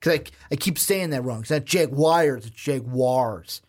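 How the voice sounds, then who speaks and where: A man's voice: fairly high pitch, animated, fast. A young man co-hosting a sports podcast in casual chat, quizzing his partner with rambling asides. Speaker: podcast co-host.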